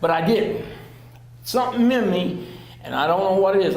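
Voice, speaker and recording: Man, 60s, high voice, earnest storyteller with frequent laughs, echoey meeting room. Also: animated, normal speed, a little mellow. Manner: laughs often, repeats words, plainspoken and earnest. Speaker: panel speaker in recovery. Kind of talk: personal storytelling to a live audience. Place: public library meeting room. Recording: echoey room with faint hum.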